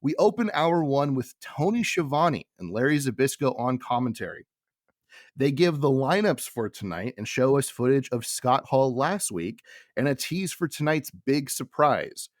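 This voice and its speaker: A man at an ordinary middle pitch hosts a casual podcast, working through his recap notes with an easy, chuckling delivery. His voice sounds dry and close, with no room around it. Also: expressive, a little slow, no echo. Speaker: podcast host.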